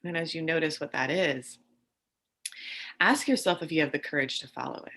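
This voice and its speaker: Encouraging woman host, very low pitch, bright tense tone. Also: moderate pace. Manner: encouraging, often adds "right?". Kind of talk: casual interview talk.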